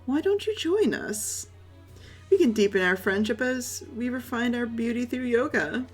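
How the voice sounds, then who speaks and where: A woman's voice: a little high, animated, a little slow, slightly rough, faint music behind. Lady doing a chirpy fancy-polite hunter guy, flowery and eager. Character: flamboyant, overly polite young male hunter.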